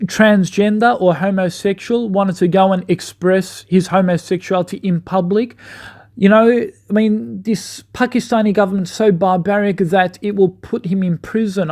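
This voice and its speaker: A man's voice: high voice, a little slow, a little mellow. A man giving an argumentative opinion monologue, full of rhetorical questions. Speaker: commentator.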